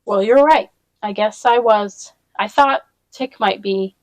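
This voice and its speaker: A woman's voice: mid-range voice, slow pace, no echo, natural voice, poor audio. A woman voicing a stern, worried young man.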